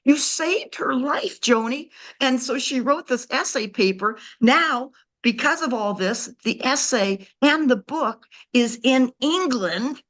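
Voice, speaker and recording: A woman's voice: a little high, lively intonation, takes it slowly, few pauses, fairly bright tone. A middle-aged woman telling an emotional story as a guest author, heartfelt and repeating words for emphasis.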